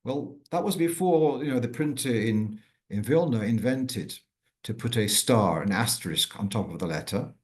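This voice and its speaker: An older man, a rabbi, teaching a weekly Torah class in a measured, unscripted way, often pausing and restarting as he thinks aloud. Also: mid-range voice, lively intonation.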